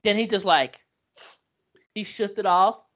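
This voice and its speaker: A woman co-host tells the story animatedly, slipping into the voices of the people she describes. She swears freely and laughs often, and her pitch sits in an ordinary middle range. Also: measured pace, fairly bright tone. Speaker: podcast co-host. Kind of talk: casual chat.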